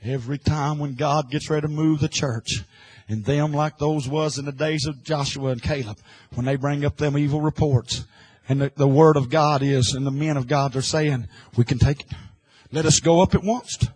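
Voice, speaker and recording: A man preaching an impassioned sermon, swinging from hushed, quiet lines to loud, shouted ones. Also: on the high side, steady tone, moderate pace, hardly any pauses, slightly rough, poor audio.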